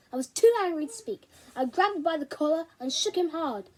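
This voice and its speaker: Expressive, high-voiced woman reading aloud. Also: brisk. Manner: expressive, animated. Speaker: reader. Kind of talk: reading a children's novel aloud.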